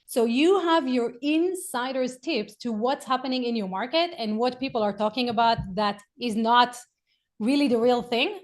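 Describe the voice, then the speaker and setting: A woman with a notably high voice delivers a motivational business talk as a marketing coach. She speaks in a lively, conversational way, weaving in stories and playfully acted quotes. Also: moderate pace.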